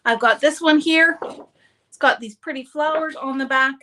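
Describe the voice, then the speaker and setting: With background noise behind her, a woman demonstrating papercraft live talks at a moderate pace in a high voice. Her manner is upbeat and chatty, and she frequently stops mid-sentence.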